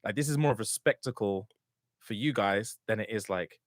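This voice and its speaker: A man's voice: lowish voice, normal speed, no room sound, studio quality. A man co-hosting a casual chat podcast, telling stories and acting out what his friends said. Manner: animated storyteller acting out friends' lines. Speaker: podcast co-host.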